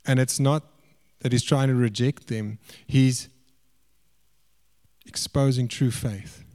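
A man preaching a sermon in a lively, animated way. He lifts his voice high and loud for emphasis, then drops to hushed, low asides. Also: slow.

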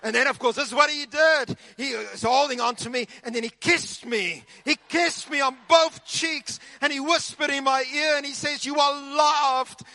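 High, bright preacher. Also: male voice, normal speed, creaky, hardly any pauses. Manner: animated, humorous storytelling. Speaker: pastor. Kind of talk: sermon.

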